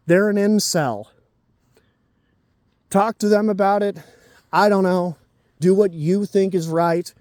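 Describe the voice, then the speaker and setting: A man's voice: a little high, a little mellow, no room sound, studio quality. A man in his twenties giving dating advice in a blunt, profane, ranting casual monologue. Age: 20s.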